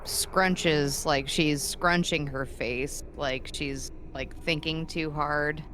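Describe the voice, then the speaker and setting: A woman with a fairly low voice plays a tabletop role-playing game. She describes her character's actions and thoughts in the third person. A faint noise sits behind her. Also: steady tone, takes it slowly, a bit bright. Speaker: player.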